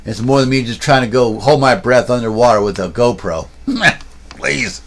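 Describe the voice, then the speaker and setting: Speaking at a moderate pace in a medium-pitched, fairly bright voice, a man vlogs and streams on a handheld camera. His talk is casual livestream rambling, a long story with restarts and asides.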